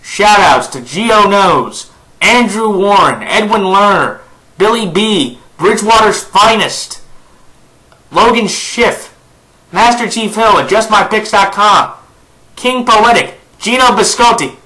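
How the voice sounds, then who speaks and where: Bright-voiced upbeat male sports vlogger. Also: high-pitched, lively intonation, slow pace, low-quality recording. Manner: chatty, upbeat, with frequent fillers and restarts. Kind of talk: casual picks commentary to camera.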